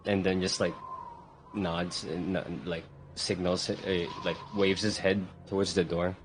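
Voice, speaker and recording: Against a noisy background, a player in a casual tabletop game talks through his character's actions with hesitation and lots of fillers. His low voice stays flat and measured.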